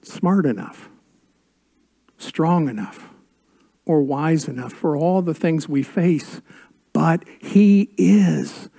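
Older man preaching, slow sermon delivery, fairly high voice, hushed dramatic drops. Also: breathy edge. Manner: slow, dramatic pauses, drops to a hush on key words. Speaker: pastor.

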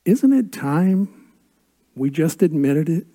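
An older man preaching a sermon as a pastor, with dramatic pauses and drops to a hush on key words. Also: fairly high pitch.

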